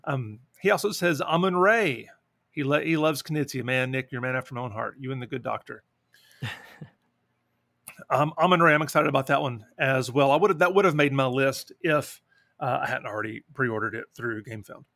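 A man's voice: medium pitch, moderate pace, gravelly, no echo. A man co-hosting a board game podcast, chatting casually and jokingly reading out listener responses. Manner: relaxed, joking, reads listener responses aloud. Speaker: podcast co-host. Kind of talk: casual chat.

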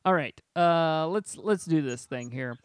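A man's voice: a little high, measured pace, smooth, no room sound, studio quality. A man hosting a casual podcast game among friends, laughing often as he sets up the rounds. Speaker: podcast host running a movie game.

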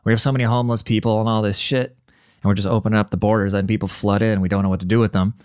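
A man's voice: fairly low pitch, flat delivery, rapid-fire, a little mellow, clear, resonant tone, no echo, studio quality. A man hosting his own podcast, ranting bluntly and profanely in casual commentary. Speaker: podcast host.

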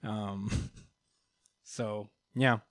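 A man's voice: on the low side, steady tone, extremely slow, a bit bright, dry recording. A man casually recapping a comic book story, full of fillers, laughter and swearing. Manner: laughs often, many fillers, swears freely. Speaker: podcast host.

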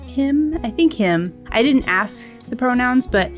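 A woman's voice: sits high, lively intonation, measured pace, faint music behind. A woman improv performer, playful and rambling, who swears casually. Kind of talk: improv comedy podcast.

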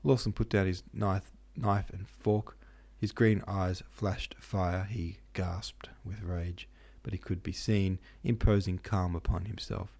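A man reading a novel aloud as host, in steady, measured narration. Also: deep voice, vocal fry. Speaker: host and audiobook reader. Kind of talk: scripted narration.

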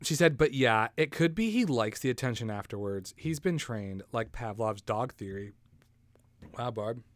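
A man rambles through crude jokes on his solo podcast, teasing himself and cackling at his own lines. His voice sits at an ordinary middle pitch and sounds dry and close, with no room around it. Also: lively intonation, normal speed, no room sound. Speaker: podcast host. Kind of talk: casual solo podcast joking.

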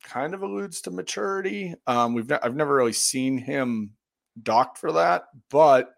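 A man co-hosts a podcast in a casual chat, his voice a little high and creaky at normal speed. He's thoughtful and rambling, full of fillers and restarts.

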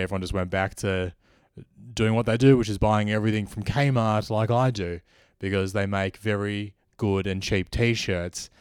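A man's voice: fairly low pitch, clean tone, dry recording, clean studio sound. A man with an Australian accent, hosting a satirical comedy podcast monologue in a sardonic, ranting manner. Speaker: comedian host.

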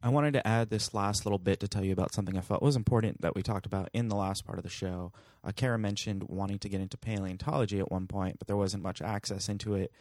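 A man's voice: fairly low pitch, darkish tone, dry recording, studio quality. A man in his thirties hosting a podcast, talking casually with jokey, self-deprecating asides. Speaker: podcast host.

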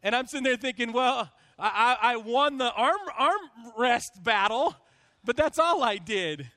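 A pastor delivers his sermon in a strikingly high, bright male voice. He spins a self-deprecating personal story with lively energy, stumbling over restarts as he goes. The sound is close and dry. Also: measured pace, no room sound.

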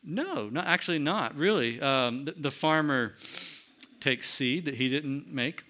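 A man's voice: a little high, expressive, unhurried, bright, forceful tone. A man preaching a sermon, teaching earnestly and asking his listeners rhetorical questions. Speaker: pastor.

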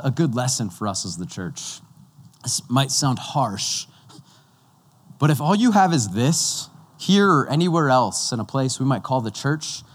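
A man preaching a sermon as pastor, talking conversationally and slowing down to stress key points. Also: on the high side. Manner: conversational, with slow, emphatic stretches.

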